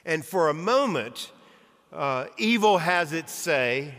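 A man's voice: a little high, lively intonation, slow, a bit bright. A male pastor preaching an earnest sermon with rhythmic, emphatic lists. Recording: long reverb of a large hall.

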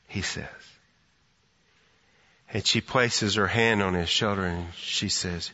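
A man preaching a sermon, telling stories and slowing to a soft, quiet delivery to drive points home. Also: low-pitched, steady tone. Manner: storytelling, slows and softens for emphasis. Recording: muffled sound in a long-reverb hall.

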